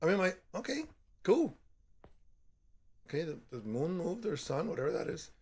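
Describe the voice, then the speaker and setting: A man giving horror game commentary as a channel host, excitable and quick to yell when startled. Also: on the high side, breathy edge.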